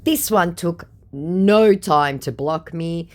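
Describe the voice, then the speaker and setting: A woman's voice: lowish voice, slow. A woman hosting a scam-baiting video, giving dry, mocking commentary on the chats she read out. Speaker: scam-baiting channel host. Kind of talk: sarcastic commentary on chat screenshots.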